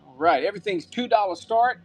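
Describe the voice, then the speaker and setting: A man's voice: high-pitched, fairly quick, faint music behind. A man hosting a live-stream auction, upbeat and thanking buyers by name, sometimes muttering to himself as he handles items.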